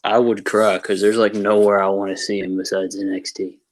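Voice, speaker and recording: A man's voice: lowish voice, flat delivery, fairly quick, no echo. A man co-hosting a casual podcast, rambling, swearing, and acting out quoted bits. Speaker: podcast co-host. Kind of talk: casual chat.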